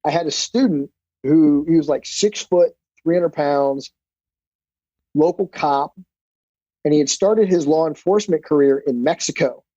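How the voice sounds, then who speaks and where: Profane, blunt middle-aged man, mellow tone. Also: a little high, unhurried, no room sound. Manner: profane, blunt, animated storyteller. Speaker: podcast guest, black belt instructor. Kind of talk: casual storytelling interview. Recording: dull, dry podcast audio.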